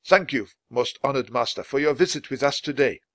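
A man's voice: medium pitch, expressive, brisk, dry recording, studio quality. Man doing a stern barking samurai. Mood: formal. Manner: barking, loud, formal. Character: stern adult male samurai warrior, formal.

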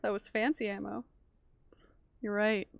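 A woman's voice: mid-range voice, level tone, a little slow, creaky, dry recording. A woman streamer giving chatty live commentary while she plays, swearing and panicking in frantic bursts.

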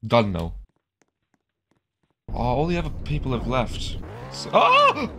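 A man's voice: medium pitch, huge pitch swings, slow, pushed and bright, a little hiss or hum. A young man chatting casually while gaming, joking, laughing often and slipping into mock London slang. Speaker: gaming YouTuber.

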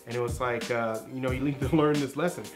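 A male vlog host in casual chat, telling stories with lots of energy and slipping into quick voices for the characters. His pitch sits in a middling range, and music plays clearly behind him. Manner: animated storyteller, acts out movie scenes in quick voices.

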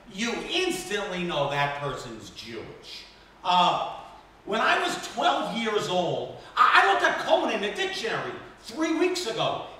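A man in his fifties does stand-up on a stage, with a high, bright voice that leaps around as he tells his jokes. His delivery is animated and self-deprecating. He sounds far from the mic, and the room gives back a strong echo. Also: slight background noise. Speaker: stand-up comedian. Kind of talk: stand-up comedy set. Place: stage at a benefit concert in a temple. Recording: echoey room from far off with faint ambience.

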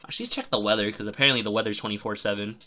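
A man streaming a game live, chatting casually and swearing a lot, rambling and then shouting suddenly at the game. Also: fairly low pitch, steady tone, racing. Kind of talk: casual live gameplay commentary.

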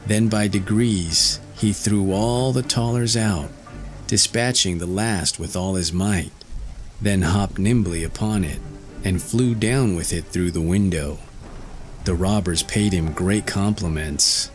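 A man narrating a classic fairy tale in a slow, measured storytelling manner. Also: fairly low pitch, soft background music. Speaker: audiobook narrator.

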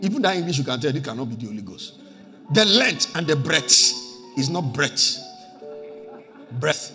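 A Nigerian man preaching a sermon, emphatic and animated, dropping into Pidgin asides. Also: on the high side, a little fast. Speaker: pastor. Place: church hall. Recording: echoey hall with faint music.

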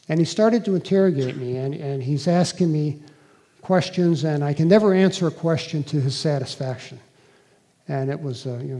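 A man giving a talk and recounting a personal experience in an earnest, halting conversational way, with fillers and restarts. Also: on the high side, warm tone.

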